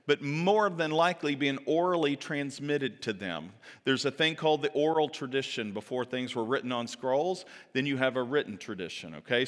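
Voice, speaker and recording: A man preaching a sermon as pastor, telling scripture stories in a chatty, animated way and acting out the voices he quotes. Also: mid-range voice. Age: adult parent. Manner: casual, chatty asides to the audience. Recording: reverberant hall.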